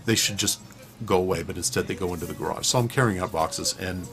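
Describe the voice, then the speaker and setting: A man with a very deep, low voice rambles through a personal vlog from his room at home. He digresses freely, swears, and stumbles through fillers and restarts. Clear music plays behind him throughout. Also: fast talker. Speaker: vlogger.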